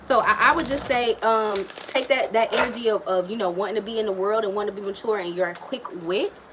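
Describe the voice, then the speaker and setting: A woman's voice: mid-range voice, brisk, background noise. A woman giving a casual live tarot reading, talking frankly and chattily to a viewer, with plenty of swearing. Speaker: tarot reader.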